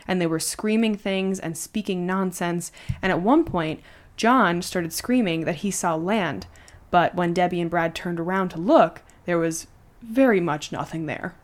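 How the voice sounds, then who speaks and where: A woman hosting a podcast, casually retelling a true story with lots of conversational fillers. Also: on the low side. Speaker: podcast host.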